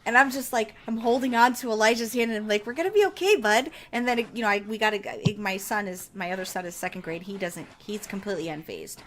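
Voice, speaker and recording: A woman's voice: mid-range voice, steady tone, fast talker, hardly any pauses, a bit bright, slight background noise. A woman in her thirties hosting a podcast, telling a casual, profane story with laughter. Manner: laughs while telling stories. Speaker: podcast host. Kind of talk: casual chat.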